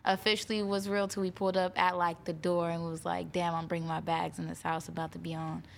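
A woman's voice: lowish voice, flat delivery, fairly quick, vocal fry. Woman on a talk show, chatty, lots of "like" and "you know", faint hiss. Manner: chatty, many fillers. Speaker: reality show cast member. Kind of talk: casual interview answers.

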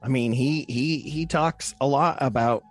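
A man's voice: mid-range voice, a little slow, faint music behind. Man chatting casually on a podcast. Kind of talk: casual chat.

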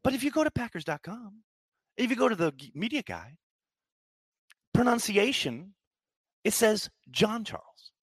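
A man's voice: sits high, sing-song, moderate pace, pauses often, breathy edge, no echo, clean studio sound. A man hosting a live fan chat stream, hyped and chatty as he reads comments and answers questions. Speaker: podcast host reading chat.

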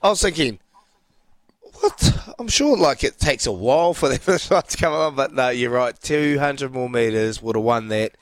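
A man's voice: mid-range voice, fairly quick, hardly any pauses, no echo. A man with a New Zealand accent co-hosting a radio show, chatting enthusiastically in a matey way about racing and sport. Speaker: radio co-host. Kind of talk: casual sports chat.

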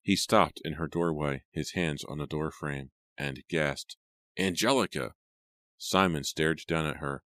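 A man reading an audiobook in a steady, measured storytelling manner. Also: a bass voice, no room sound. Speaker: audiobook narrator. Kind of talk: scripted narration.

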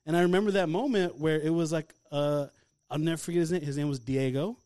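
A young man co-hosting a podcast, telling stories in animated, profane casual chat. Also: on the high side, fast talker, no room sound. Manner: animated storytelling, heavy swearing. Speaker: podcast co-host.

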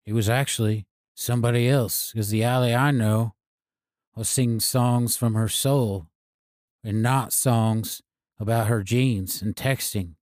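A boozy, brooding country singer, played by a man, mumbling in a soft, low drawl. He hesitates and trails off, with a dry, close sound. His pitch sits at an ordinary middle height. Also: fairly even intonation, measured pace, dry recording, close to an everyday voice. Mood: earnest. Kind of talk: improvised comedy scene.

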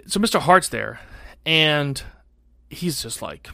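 A middle-aged man on a podcast, telling a childhood story in a casual, animated, profane way and acting out the other people's lines. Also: a little high, slow, gravelly, dry recording, studio quality. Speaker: podcast co-host.

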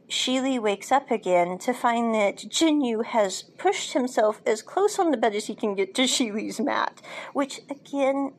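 Chatty woman podcast host. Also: fairly high pitch. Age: adult, parent. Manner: chatty, laughs often, frequent asides. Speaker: podcast host reviewing a drama series. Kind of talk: casual recap and review.

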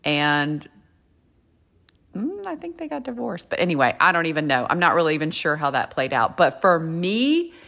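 A low-voiced woman in her fifties speaks with candor about her own life. She talks in a frank, chatty way and swears casually as she shares her story and offers advice. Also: very animated, normal speed, gravelly, fairly bright tone. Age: 50s. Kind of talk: candid personal storytelling and advice.

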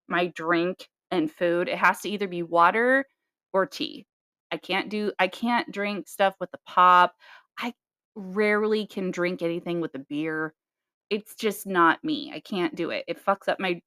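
A woman's voice: mid-range voice, sharp tone, no echo, studio quality. Profane, chatty woman podcast co-host. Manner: loose, profane storytelling with sighs and laughs. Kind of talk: casual chat.

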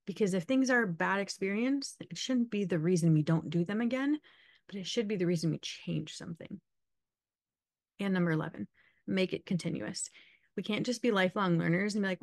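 A woman's voice: mid-range voice, fairly quick, vocal fry, dry recording, studio quality. A woman in her thirties giving a casual motivational talk, chatty and sarcastic, laughing often.

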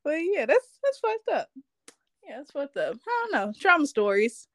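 A woman's voice: high voice, very animated, normal speed, fairly bright tone. A woman hosting a podcast in a casual, laid-back chat, full of slang, laughing often and trailing off mid-sentence. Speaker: podcast host.

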